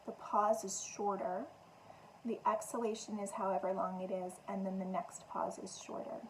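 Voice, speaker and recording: A woman meditation teacher calmly guiding listeners through a breathing exercise with gentle, unhurried instructions. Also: mid-range voice, slight background noise, low-quality recording.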